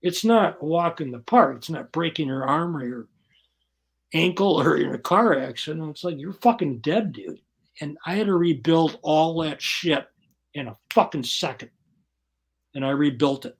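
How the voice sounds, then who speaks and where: A man's voice: fairly high pitch, animated, moderate pace, gravelly, breathy edge. Blunt, profane man telling his story. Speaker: guest. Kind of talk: casual interview talk.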